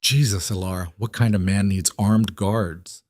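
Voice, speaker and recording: A man's voice: fairly low pitch, steady tone, measured pace, darkish tone, no echo, clean studio sound, close to an everyday voice. A man voicing a blunt, scolding middle-aged woman nurse in a storybook reading.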